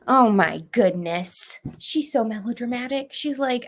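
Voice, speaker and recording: A woman's voice: a little high, expressive, measured pace, hardly any pauses. A woman in her thirties hosting a book club livestream, bubbly and chatty, greeting viewers by name. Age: 30s. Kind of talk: casual livestream chat.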